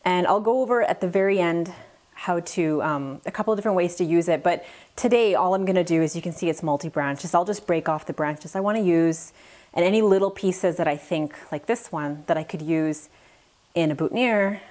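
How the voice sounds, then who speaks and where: A woman's voice: fairly low pitch, normal speed, darkish tone. A woman florist giving a friendly, practical step-by-step demonstration at her work table, sharing tips as she goes. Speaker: florist instructor. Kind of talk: demonstration tutorial. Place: flower shop work table.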